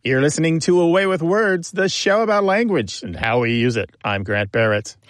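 A man co-hosting a radio talk show about language, with jokey, brisk host patter. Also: on the high side, lively intonation, no echo.

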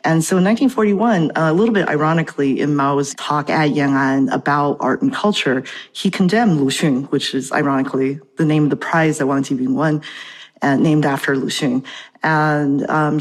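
A woman professor and translator, explaining things clearly in an interview over a remote connection. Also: low voice. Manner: articulate, explanatory, reads poetry aloud. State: out of breath.

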